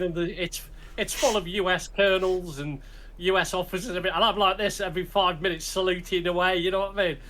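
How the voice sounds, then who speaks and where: A British man, hosting a casual podcast chat, speaks in a voice that sits high for a man and has a fairly bright tone. His storytelling is loose and rambling, with frequent laughter and sentences he circles back to restart.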